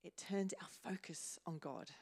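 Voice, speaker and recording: A woman pastor preaching a sermon in a church, slow and measured, pausing and repeating words as she goes. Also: lowish voice, a little mellow, breathy edge. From Australia. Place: church hall.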